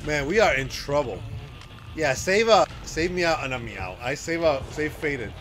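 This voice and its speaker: A man streaming a horror game, reacting with loud exclamations and frequent laughter. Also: on the high side, animated, moderate pace, heavy background noise. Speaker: livestreamer. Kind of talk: excited gameplay commentary.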